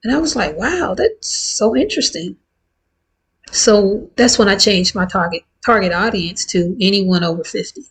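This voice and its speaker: A woman in her fifties talking candidly and warmly to her viewers in a casual, heartfelt vlog. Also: mid-range voice, normal speed, hardly any pauses, breathy edge, rough recording. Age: 50s. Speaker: vlogger. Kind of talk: casual chat to camera.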